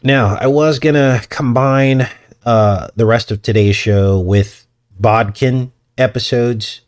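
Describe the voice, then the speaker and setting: A man's voice: mid-range voice, slow pace. A man hosting a casual livestream, chatty and self-deprecating, often chuckling as he talks. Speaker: host.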